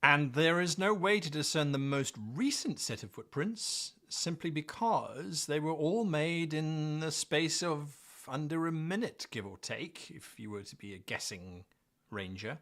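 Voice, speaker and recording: A man's voice: fairly high pitch, expressive, a little slow, a bit bright. A man running a tabletop game as game master, narrating scenes with playful drama.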